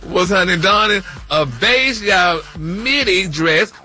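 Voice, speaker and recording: A man's voice: sits high, expressive, slow pace, sharp tone. A man hosting a celebrity gossip segment on the radio, sassy and full of "honey" and "y'all". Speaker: celebrity news host.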